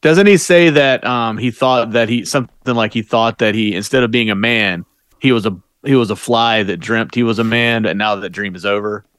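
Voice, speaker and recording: A man's voice: lowish voice, normal speed, smooth, no room sound, studio quality. A man co-hosting a podcast, chatting casually about a film with lots of fillers. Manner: relaxed, loose chatter with many fillers. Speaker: podcast co-host. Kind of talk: casual movie review chat.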